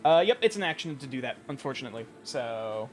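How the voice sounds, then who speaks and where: A man running a tabletop game as game master, animated and sometimes hesitant as he checks rulings. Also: mid-range voice, fast talker, soft background music.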